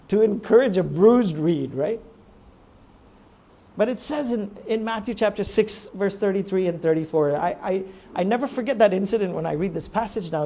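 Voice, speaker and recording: A male pastor with a high-pitched voice delivers a sermon in a conversational way. He leans on rhetorical questions and moves between quiet reflection and emphatic urging.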